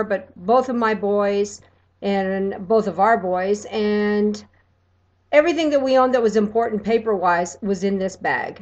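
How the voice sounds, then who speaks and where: A middle-aged woman from Texas, telling a personal story on her video blog in an emotional, animated way. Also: medium pitch, dull audio. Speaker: vlogger.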